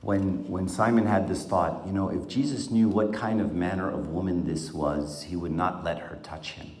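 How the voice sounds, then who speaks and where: A man's voice: sits low, fairly even intonation, normal speed, darkish tone, a little hiss or hum. A man giving an informal Bible talk to a small group around a table, asking them questions in a conversational way. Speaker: Bible teacher. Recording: echoey room.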